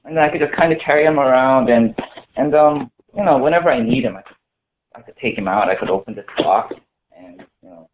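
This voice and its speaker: A man's voice: mid-range voice, brisk, a little hiss or hum. Guy preaching to a small group, super casual, lots of "you know", sounds like it's over a phone. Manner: conversational, full of "you know" fillers and restarts. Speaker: pastor. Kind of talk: casual sermon to a small congregation. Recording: tinny phone-like lo-fi recording.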